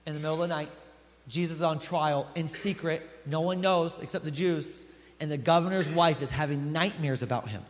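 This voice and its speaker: A man preaching in a large hall, his voice a little higher than most men's. He talks earnestly and directly to the congregation, and a long reverb trails behind every phrase. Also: brisk. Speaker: pastor. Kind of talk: sermon reading scripture.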